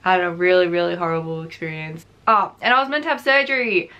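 A woman's voice: lowish voice, quick pace, sharp tone, smooth, lo-fi sound. Breathless chatty woman vlogger. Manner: chatty, rambling, laughs often. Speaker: craft vlogger. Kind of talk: casual chat to camera.

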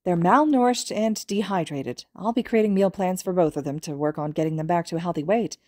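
A woman reading a calm, elderly school nurse. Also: on the low side, a little fast, no room sound, studio quality, natural voice. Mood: clinical. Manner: calm, clinical.

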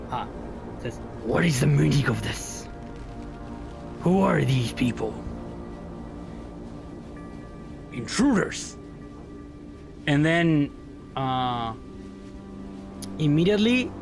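A man narrating as game master of a tabletop game, rambling and searching for words with lots of fillers. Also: a little high.

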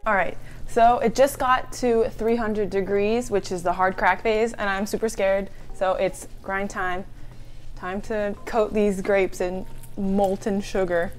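A young woman talks through a recipe in a casual cooking vlog, giggling and saying "like" as she goes. She sounds nervous and excited by turns. Soft music plays faintly behind her voice. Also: medium pitch, measured pace. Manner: excitable and nervous, laughs often, says "like" a lot. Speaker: food vlogger.

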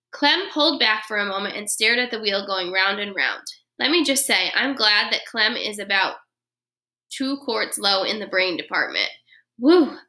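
A woman, a first grade teacher, reading a children's chapter book aloud with expressive storytelling. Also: mid-range voice.

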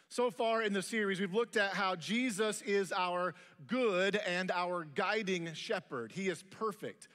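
A man's voice, high and bright, delivering a sermon from a church stage. He preaches with a light, humorous storytelling touch, and each phrase trails off into a long hall reverb. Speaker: pastor.

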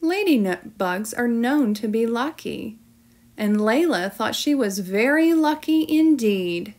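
A woman teacher reading a children's storybook aloud in an expressive, storytelling manner. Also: a little high, slow.

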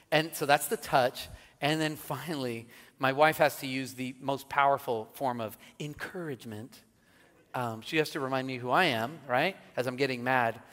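A middle-aged male pastor preaching a sermon, telling funny family stories with lively, laughing delivery. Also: medium pitch. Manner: animated storytelling with jokes and laughter. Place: church sanctuary. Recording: church hall with long reverb.

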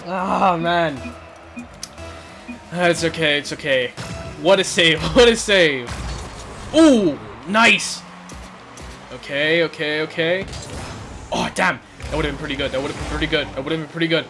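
A young man giving live commentary over his own gameplay, excitable, repeating words in rapid bursts and yelling at tense moments. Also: fairly high pitch, music in the background. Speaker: gaming YouTuber.

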